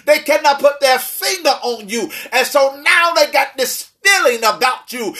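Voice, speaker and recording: Man, pastor, preaching, high bright voice, shouting call-and-response. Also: expressive, measured pace, hardly any pauses. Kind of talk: sermon.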